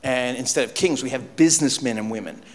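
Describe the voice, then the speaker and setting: A man preaching a sermon, telling a story with lively shifts between loud punchy lines and low, quiet, weighty ones. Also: quick pace, in a large hall. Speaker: pastor.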